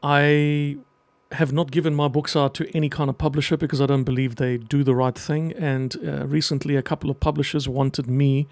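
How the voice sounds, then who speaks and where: A middle-aged man speaking earnestly and emotionally in a personal message to camera, pausing often as he talks. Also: fairly high pitch, level tone, a little mellow, no room sound. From half Greek. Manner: earnest, halting, emotional, with pauses. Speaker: vlogger and children's book writer.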